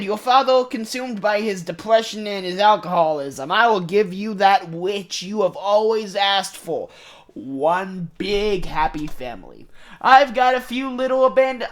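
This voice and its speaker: A man's voice: sits high, expressive, unhurried. A man voicing a scheming male shadow entity that offers deals, in a grand, coaxing, theatrical voice. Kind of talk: voiced game dialogue reading.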